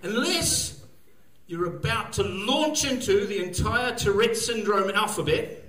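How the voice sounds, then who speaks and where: A man from New Zealand with a New Zealand accent doing a stand-up comedy set, rambling loosely with lots of fillers and sudden shouts. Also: high voice, unhurried, echoey room, distant mic. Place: live venue stage.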